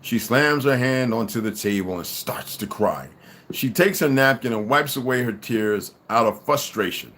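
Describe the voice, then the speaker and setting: A man's voice: mid-range voice, moderate pace, a bit bright, slight background noise. A man reading a story aloud to listeners and breaking off for casual asides.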